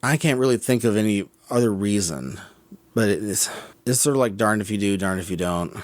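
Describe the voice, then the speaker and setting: Low-voiced man musing over a film. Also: fairly quick, dry recording. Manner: musing, self-correcting, critical. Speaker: podcast co-host. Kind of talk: casual film discussion.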